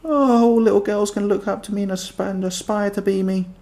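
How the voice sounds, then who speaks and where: A man putting on a high, mocking voice for a smug, self-praising woman politician. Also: steady tone, moderate pace, warm tone. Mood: mock gushing. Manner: sarcastic mockery, high put-on voice.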